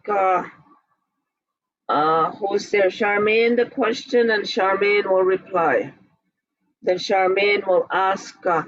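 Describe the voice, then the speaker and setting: A woman teaches at an unhurried, deliberate pace, sounding out each syllable and repeating it for her students. Her voice is dry and close, with dull, lo-fi call audio. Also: mid-range voice, no room sound. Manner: breaks words into syllables and repeats them slowly. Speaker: language teacher. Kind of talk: slow, patient classroom instruction.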